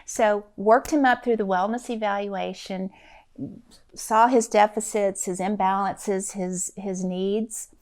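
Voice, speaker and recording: Woman doctor, interview guest, easygoing storyteller, mid pitch. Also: steady tone, takes it slowly, darkish tone. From Louisiana, US. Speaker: interview guest, lifestyle medicine physician. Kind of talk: conversational interview.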